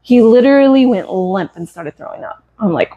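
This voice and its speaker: A woman in her fifties from the United States, a cat breeder on a live stream, telling a hard personal story in a halting, earnest, emotional way. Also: fairly high pitch, animated, mellow, breathy edge, muffled recording. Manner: halting and earnest, with many hesitations. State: emotional, close to tears.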